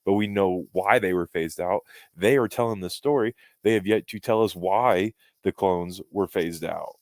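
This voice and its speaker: Low-voiced man rambling in casual chat. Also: moderate pace, darkish tone, no room sound. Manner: rambling, restarts often, fan opinions. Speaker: podcast co-host.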